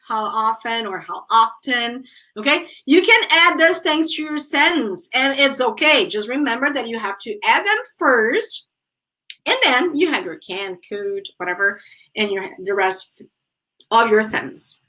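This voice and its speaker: Bright-voiced woman teaching English. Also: sits high. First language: Portuguese. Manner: lively, chatty, acts out exasperated example questions. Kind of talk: online English grammar lesson.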